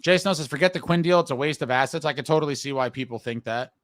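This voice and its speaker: A man's voice: a little high, fast, fairly bright tone, no room sound. A man hosting a live fan show and reading viewer comments aloud, blunt and frustrated and swearing casually. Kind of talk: casual live-stream talk.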